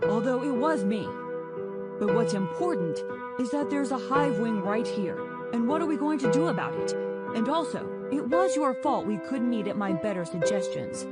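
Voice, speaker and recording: A bossy, suspicious male dragon snaps and bickers in a storybook reading, as a woman plays him. He sounds petulant and quick to argue. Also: mid-range voice, very animated, loud music behind the voice, pitched above the performer's own voice, close to an everyday voice. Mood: shouting. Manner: suspicious, snappish, shouting.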